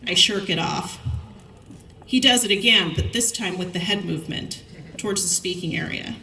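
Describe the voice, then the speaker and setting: Bright-voiced woman telling stories in an echoey hall. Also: medium pitch, normal speed, creaky, recorded from a distance, slight background noise. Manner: storytelling, lively anecdotes with quoted dialogue. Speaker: commencement speaker. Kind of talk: commencement speech.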